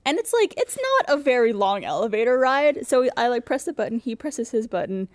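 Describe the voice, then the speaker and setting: Animated woman with a lively voice. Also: fairly high pitch, fairly quick, no room sound, clean studio sound. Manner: animated, giggly storytelling. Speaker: podcast co-host. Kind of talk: casual anecdote telling. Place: podcast studio.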